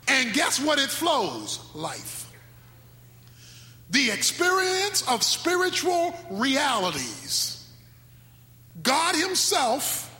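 A male pastor with speech preaches in a very high, bright voice, now shouting, now slowing to stretch his words. His voice rings through a large, echoing hall with faint music underneath. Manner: dramatic preaching, sudden shouts and slow drawn-out phrases. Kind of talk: sermon.

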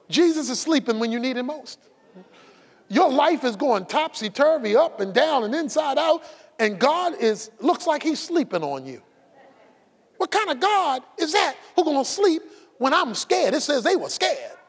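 A man preaching a fiery sermon, shouting and stretching words for emphasis, with a folksy conversational edge. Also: very high-pitched, gravelly. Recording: long hall reverb.

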